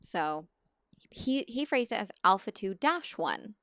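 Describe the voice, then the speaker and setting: Animated woman telling on-set stories. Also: mid-range voice, unhurried, no room sound, studio quality. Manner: animated storytelling, acts out quotes with laughs. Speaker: podcast guest, actor and script supervisor. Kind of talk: casual conversation. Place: Los Angeles.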